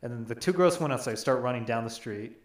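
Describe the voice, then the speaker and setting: A man's voice: mid-range voice, lively intonation, quick pace, echoey room. A man hosting a casual podcast, narrating a video and explaining things in a rambling way. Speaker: podcast host.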